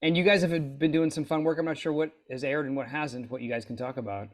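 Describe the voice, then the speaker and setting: A man's voice: on the high side, fairly even intonation, quick pace. A man co-hosting a podcast, asking questions in a hesitant, trailing way. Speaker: podcast co-host. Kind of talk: casual podcast chat.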